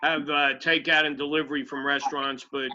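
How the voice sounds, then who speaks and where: A man's voice: on the high side, level tone, a little fast, bright, forceful tone, muffled recording. Middle-aged New Jersey man on a noisy video call. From New Jersey, USA. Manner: storytelling, laughs easily. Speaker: family member on a video call. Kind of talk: casual chat.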